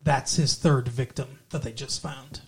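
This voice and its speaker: Man, from the American South, casual movie chat, opinionated, middle pitch. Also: steady tone, measured pace, husky. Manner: chatty, opinionated, swears casually. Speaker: podcast co-host.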